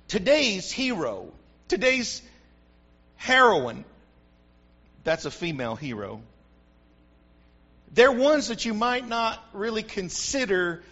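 A man preaching a sermon to his congregation, telling stories with animation and often calling out "Amen?" to the room. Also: high-pitched. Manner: animated storytelling, frequent call-outs to the congregation. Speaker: pastor. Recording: dull lo-fi recording.

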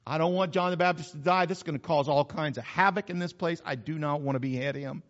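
A man's voice: on the high side, fast talker, big-room sound, dull audio, pitched below the performer's own voice, lightly acted. A man voicing a rash, boastful ancient king in a folksy, drawling way. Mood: dismayed.

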